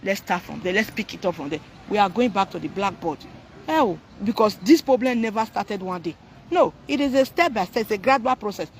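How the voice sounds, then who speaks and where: A man's voice: sits high, animated, a little fast, a little hiss or hum. A man with a Nigerian accent talking to viewers on a live stream, ranting animatedly and mixing Pidgin, Yoruba and English.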